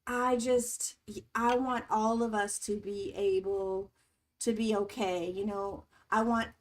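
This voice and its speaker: Woman host of a casual live chat, speaking gently and supportively to her viewers in a somewhat high voice. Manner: warm, supportive, reads chat aloud. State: tearing up. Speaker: livestream host.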